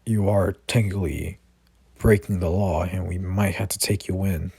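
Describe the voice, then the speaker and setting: Man voicing a calm older male hero, fan-made spoken story, low pitch, dry sound. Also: normal speed, vocal fry, breathy edge, dry recording, full character voice. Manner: plain unacted reading of quoted lines.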